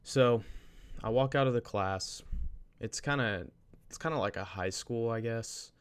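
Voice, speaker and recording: A man's voice: medium pitch, measured pace, clean tone. A young man casually telling a story from his college day, rambling, restarting his sentences and using slang. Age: young adult. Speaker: vlogger.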